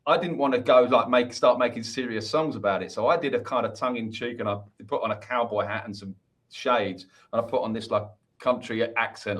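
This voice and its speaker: A man's voice: mid-range voice, a little fast, a bit bright. A man who is a musician, a guest on a podcast, explaining his views at length in a casual, earnest, rambling way with many restarts. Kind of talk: casual interview chat.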